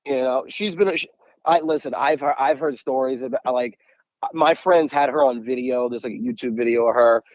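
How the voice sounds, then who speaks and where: A young man from the United States tells stories in an easy, animated way, often slipping into the voices of the people he quotes. His voice sits at an average pitch. The recording is dry and a little muffled. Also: fairly quick, dry recording. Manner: animated, acts out quotes, many repeated "I'm like". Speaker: podcast guest, angler. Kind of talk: casual storytelling.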